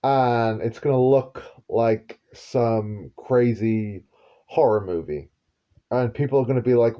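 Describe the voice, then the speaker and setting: A man's voice: medium pitch, steady tone, a little slow, lo-fi sound. A man giving a rambling prophetic monologue as an online preacher, repeating himself and chuckling with half-sarcastic asides.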